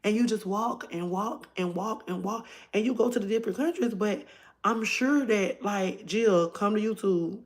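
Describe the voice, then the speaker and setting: A woman's voice: mid-range voice, moderate pace. A woman chatting casually on a phone livestream, rambling and talking straight to her viewers. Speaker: livestream host.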